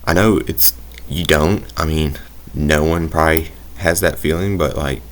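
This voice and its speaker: With a rumbling low voice, fairly even intonation, and a measured pace, a young gaming YouTuber narrates his own football video game play. His commentary is casual, rambling, and hesitant, heavy with fillers and self-deprecation.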